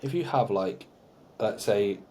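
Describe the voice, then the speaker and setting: A young man, co-hosting a podcast in casual, animated chat with some swearing. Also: lowish voice, a little slow, slight background noise. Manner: chatty, swearing, animated storytelling. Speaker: podcast co-host.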